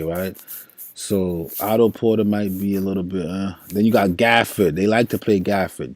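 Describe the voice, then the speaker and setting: A man's voice: lowish voice, a little mellow, no echo. A man, casually streaming while building fantasy basketball lineups, thinking aloud in loose slang and chatting with viewers. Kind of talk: casual livestream chat.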